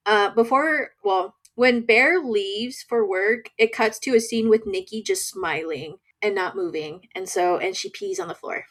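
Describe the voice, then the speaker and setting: A woman's voice: mid-range voice, fairly bright tone. Give me a woman co-host in casual chat, musing thoughtfully and trailing off mid-thought. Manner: thoughtful, speculative, trails off and restarts. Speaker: podcast co-host. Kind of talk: casual chat recapping a horror film.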